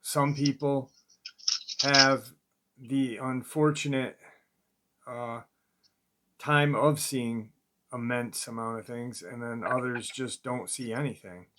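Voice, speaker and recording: A man hosting a casual interview at a middle pitch. He speaks softly and haltingly, pausing on fillers as he works toward his point. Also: steady tone. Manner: halting, soft-spoken, many fillers. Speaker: podcast host, interviewer.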